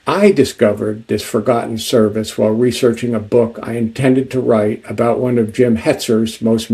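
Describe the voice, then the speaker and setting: Man giving a book talk, slow and deliberate, gravelly dark voice. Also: mid-range voice, rough recording. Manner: measured, deliberate delivery. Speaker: author.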